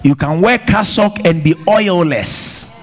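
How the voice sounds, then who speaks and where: Preaching slowly in a high voice, a man with an African accent rouses the congregation gathered in a church hall. He is emphatic, prompting listeners to repeat after him in call-and-response.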